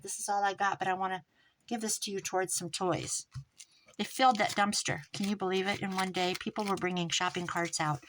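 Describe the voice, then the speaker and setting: A middle-aged American woman telling a long story in casual chat, rambling and animated, with restarts and quoted dialogue. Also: mid-range voice, slight background noise, poor audio. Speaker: crafting vlogger.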